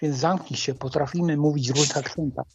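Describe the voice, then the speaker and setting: Gravelly man arguing insistently. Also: on the high side, steady tone, fast talker, lo-fi sound. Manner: swearing, insistent, repeats himself. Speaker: friend in a group voice chat. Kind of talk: heated casual argument.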